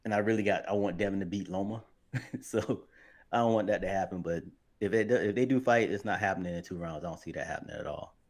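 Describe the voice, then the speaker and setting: A male co-host chatting about boxing on a podcast. His voice sits fairly low, and he gives his takes in a relaxed, easygoing way. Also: fast. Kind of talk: casual boxing talk.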